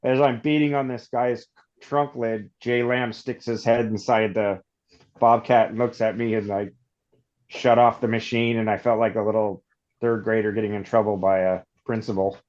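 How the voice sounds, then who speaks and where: A man's voice: lowish voice, steady tone, normal speed, a little mellow. Rambling storyteller man, dull lo-fi sound. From Northern California. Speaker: podcast guest, off-road shop owner. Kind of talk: casual storytelling.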